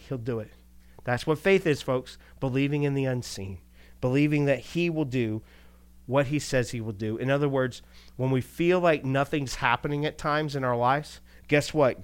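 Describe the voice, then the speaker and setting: Animated male pastor preaching conversationally. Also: medium pitch. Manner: animated, rhetorical questions, chuckles. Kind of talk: conversational sermon.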